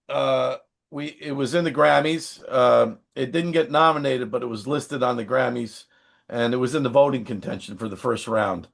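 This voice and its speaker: A man who sings and acts, telling chatty, animated anecdotes in a casual interview. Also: mid-range voice, creaky. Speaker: singer, songwriter and screen actor.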